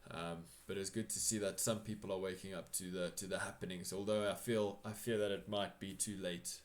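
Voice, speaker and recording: A man's voice: sits low, flat delivery, fairly quick, close to an everyday voice. A man voicing a worried old hermit who is shunned as crazy, speaking hesitantly and rambling gloomily. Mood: worried, gloomy.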